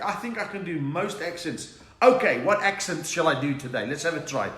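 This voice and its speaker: The South African comedian's voice is a little high and a bit bright, animated at a moderate pace with hardly any pauses. He's live-streaming jokes and chat from home during lockdown, answering viewers' requests, in an echoey room with faint noise.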